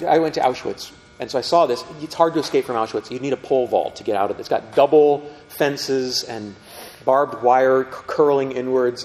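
A middle-aged man teaching a group about faith, speaking conversationally and often asking the audience questions. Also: darkish tone. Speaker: Catholic teacher. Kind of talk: storytelling talk to a group. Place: meeting room with tables. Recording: reverberant hall, faint rumble.

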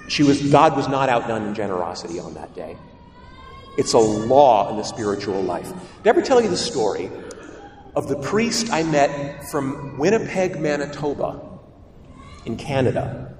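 A male priest preaching in a large church, his voice carrying a long reverb from a mic set well back. He tells lively stories and throws rhetorical questions to the congregation. His delivery is animated, pitched a little high for a man. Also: a little hiss or hum. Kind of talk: sermon. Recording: echoey church from far off.

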